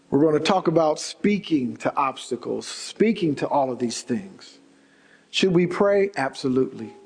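A man's voice: a little high, darkish tone, breathy edge, in a large hall. A male pastor preaching a sermon, telling stories and repeating key phrases for emphasis. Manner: storytelling preacher, emphatic repetition, varied pace.

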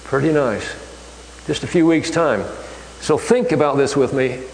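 A man giving a folksy lay sermon in a church hall, halting, with many fillers. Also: mid-range voice. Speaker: lay preacher. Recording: echoey hall with faint hum.

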